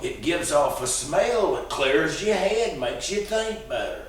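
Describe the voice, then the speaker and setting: A man voicing a kindly older mountain man, talking softly and with a drawl. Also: on the high side, lively intonation, unhurried, voice pushed up. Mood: folksy advice. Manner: soft, drawling and consoling. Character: kindly old mountain man, gentle and folksy. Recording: roomy, distant mic.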